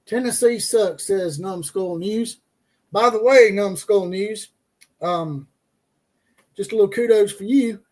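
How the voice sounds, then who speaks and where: Brash, profane, high-voiced sports streamer. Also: male voice. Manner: brash, profane, mocking, laughs at his own jokes. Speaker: college football livestream host. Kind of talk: casual livestream commentary reading chat.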